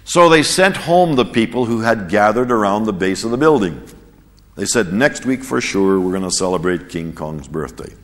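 A man teaching a church class, telling a story in an animated sermon style and chuckling at his own jokes. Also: fairly low pitch, moderate pace, big-room sound. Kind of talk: sermon with anecdote.

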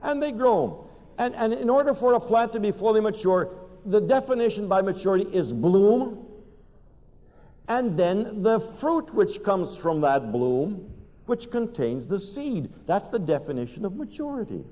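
An older man delivers a sermon full of stories and questions to the congregation. His fairly high voice swings widely in pitch as he tells it. The sound is dull and carries the long reverb of a large hall. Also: normal speed. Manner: animated storytelling, asks the audience questions. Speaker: preacher.

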